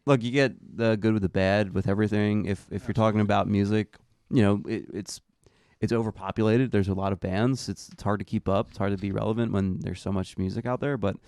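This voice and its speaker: A man's voice: lowish voice, fairly even intonation, brisk, darkish tone, no room sound, clean studio sound. A man with a Philadelphia accent, a laid-back storyteller chatting as a podcast guest. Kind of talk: casual chat.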